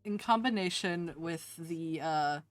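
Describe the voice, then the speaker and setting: A woman narrating as game master of a tabletop game, soft and hesitant, with many fillers. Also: fairly low pitch, slow, dry recording, faint music behind.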